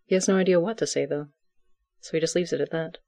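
Calm, dry storybook narrator. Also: medium pitch, quick pace, no echo. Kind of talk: audiobook fiction reading.

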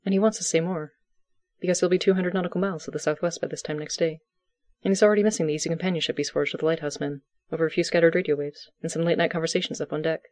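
A narrator reading fiction aloud in a calm, even, unhurried way. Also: medium pitch.

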